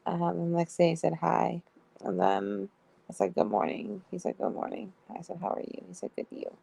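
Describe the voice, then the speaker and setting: Low gravelly-voiced woman streamer. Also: little pitch movement, moderate pace, warm tone, no echo. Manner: reads both sides of a chat aloud, giggling often. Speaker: streamer reading out chat messages. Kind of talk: casual live-stream storytelling.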